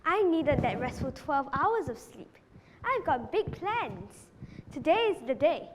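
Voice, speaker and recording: Girl doing a plotting evil cat, high lively voice, mock-villainous, echoey hall with faint noise. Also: unhurried. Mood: scheming. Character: scheming house cat plotting world domination. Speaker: student performer. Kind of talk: stage monologue performance.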